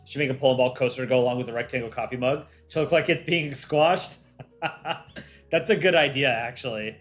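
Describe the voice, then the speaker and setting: A man's voice: medium pitch, brisk, soft background music. Easygoing man hosting a livestream. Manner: relaxed, reads chat aloud and runs polls. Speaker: livestream host and voice actor. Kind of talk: casual livestream chat.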